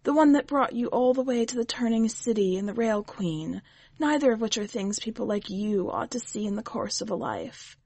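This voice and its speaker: A woman voicing a shrewd, wry witch who speaks patiently and gently, like a teacher, in a storybook reading. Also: a little high, normal speed, breathy edge, no echo.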